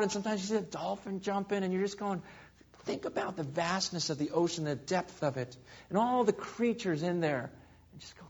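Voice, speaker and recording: Husky-voiced man preaching with fervor. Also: high-pitched. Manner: animated preaching, swinging between loud emphasis and hushed asides. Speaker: pastor. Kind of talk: sermon. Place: room with a live congregation.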